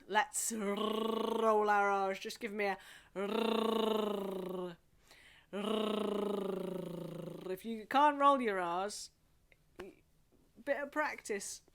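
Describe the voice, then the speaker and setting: Woman singing leader, slow unhurried coaching, fairly high voice, gentle warm-up exercises. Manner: soft, encouraging, slow coaching with playful vocal exercises.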